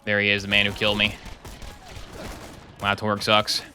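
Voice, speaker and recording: A man's voice: on the low side, monotone, normal speed, bright, forceful tone, slight background noise. A young man streaming a game live, chatting casually and joking with his chat while he plays. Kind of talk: live gameplay commentary.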